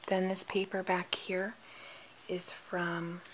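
Slow-talking woman showing handmade cards. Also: on the low side, little pitch movement, a little hiss or hum, poor audio. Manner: chatty, stumbles over names, quick apologies. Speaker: card-making crafter. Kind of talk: casual craft show-and-tell.

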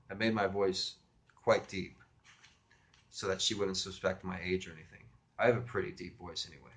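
Low-voiced man reading a novel aloud. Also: level tone, brisk, fairly bright tone. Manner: conversational, wry storytelling. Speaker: reader and teacher. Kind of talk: audiobook narration in first person.

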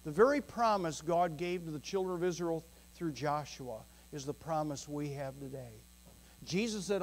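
A male pastor preaching a sermon in a church, earnest and emphatic, chuckling softly now and then and moving between slow, weighty phrases and quick bursts. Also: a little high, animated, low-quality recording. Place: church sanctuary.

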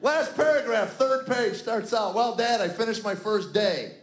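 Performing stand-up before a live audience, a man in his fifties reenacts family arguments as a weary, exasperated father. He speaks in a high, expressive voice at a measured pace, with background noise and roomy live venue sound.

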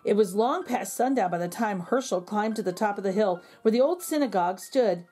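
A woman reading a children's picture book aloud in a slow, expressive storytelling manner. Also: medium pitch, breathy edge, faint music behind.

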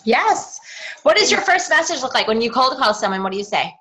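A woman hosting a team call, putting brisk questions to her guest. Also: high voice, very animated, a bit bright. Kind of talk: casual interview questions.

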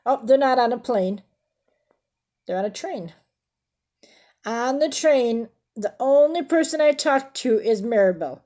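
A woman's voice: fairly high pitch, animated, unhurried, pauses often, mellow. A woman reading a picture book aloud to children, stopping often to ask about the pictures and explain fancy words. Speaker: storybook reader.

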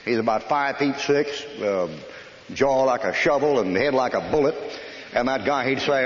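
An older American preacher telling blunt, folksy army stories in a sermon, scolding and emphatic. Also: male voice, medium pitch, moderate pace, slight background noise. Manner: folksy storytelling with rough army anecdotes. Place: church hall. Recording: echoey hall, dull old recording.

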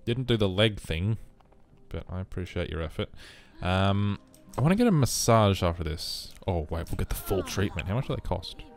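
A man casually commenting on his life-simulation game, rambling and breaking into sudden excited outbursts. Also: low-pitched, moderate pace, soft background music. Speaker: let's play host.

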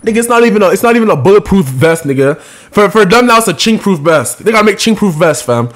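A young American man with an excitable, slangy manner, reacting casually and talking to his chat with loud outbursts. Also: high-pitched, fast. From United States. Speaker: reaction streamer.

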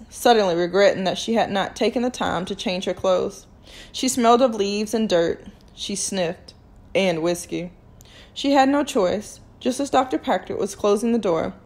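A woman's voice: medium pitch, moderate pace, darkish tone. Woman reading a novel aloud. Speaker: reader of a novel. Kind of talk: chapter-by-chapter read-aloud of a novel.

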